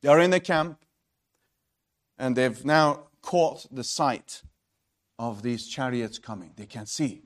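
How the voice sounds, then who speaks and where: A man preaching a sermon, emphatic and swinging between loud and hushed delivery, asking rhetorical questions and calling his listeners friends. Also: mid-range voice, slow, pauses often.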